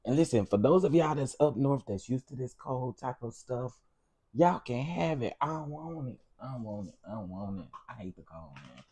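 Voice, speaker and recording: A man's voice: medium pitch, expressive, moderate pace, warm tone, breathy edge. A man hosting a casual livestream, greeting viewers by name and repeating his phrases. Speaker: livestream host.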